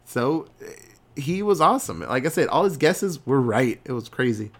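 A man co-hosting a podcast, retelling a horror movie plot with lively acted-out quotes and casual swearing. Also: mid-range voice, normal speed. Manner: animated storytelling with quoted voices, swearing. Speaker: podcast co-host.

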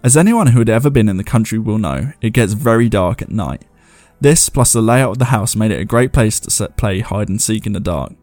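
On the low side and darkish in tone, this host's voice is animated and a little fast, recorded with no echo and faint music behind. He chats loosely on his show and reads viewer ghost stories aloud, laughing at himself throughout.

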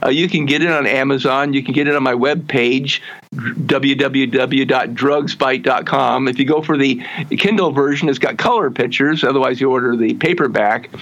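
An earnest man, a guest in an interview, tells his life story in a mid-range voice. He halts and restarts his phrases often. He slows right down when he wants a point to land. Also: mid-range voice, fairly bright tone, highs cut off.

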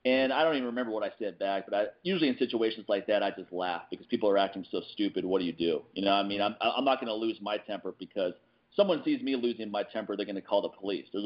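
A man hosting a casual podcast, telling lively stories and laughing often as he talks. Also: fairly low pitch, rapid-fire, dull audio. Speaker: podcast host.

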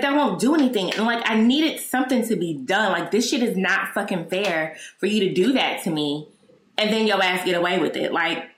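A woman telling her own story on a podcast, blunt and outspoken, swearing freely as she talks. Her voice sits at an ordinary middle pitch. The sound is roomy, with an echo hanging around her words. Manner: candid, profane, animated retelling. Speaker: podcast host. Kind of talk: personal storytelling monologue.

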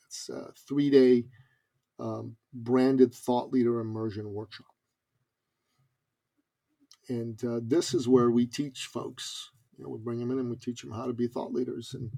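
A man who coaches businesspeople, telling a story as a guest on a conversational interview with casual fillers and lively asides. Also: medium pitch, vocal fry.

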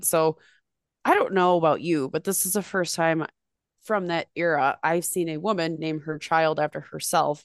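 A woman co-hosting a casual podcast, chatting and storytelling in an animated way, swearing freely and acting out quotes in a higher voice. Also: no room sound, clean studio sound. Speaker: podcast co-host.

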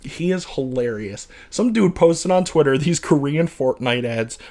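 A man's voice: a little high, measured pace. Joking man co-hosting a gossip podcast. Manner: animated, joking, prone to loud outbursts. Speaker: podcast co-host. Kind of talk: casual gossip chat.

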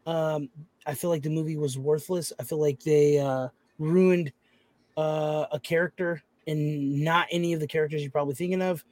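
A man's voice: on the high side, fairly even intonation, normal speed, a little mellow, no echo. A man co-hosting a casual podcast chat, easygoing and agreeable. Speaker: podcast co-host.

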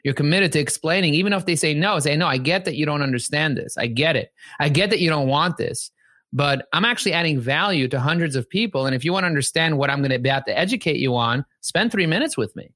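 Punchy, bright-voiced male sales coach. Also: on the high side, animated, fast talker, no room sound. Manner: emphatic, repetitive, preachy. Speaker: podcast host and sales coach. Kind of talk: motivational coaching talk. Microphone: podcast microphone.

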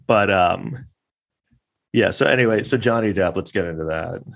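A man's voice: low-pitched, moderate pace, vocal fry. A man delivering a rambling, sarcastic, profane monologue as a podcast host. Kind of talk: casual ranting monologue.

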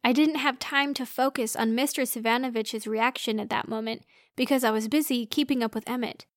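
A woman reads a first-person story aloud with earnest expression. Her voice sits fairly high, and the recording is dry and close. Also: steady tone, a little fast, dry recording. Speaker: narrator.

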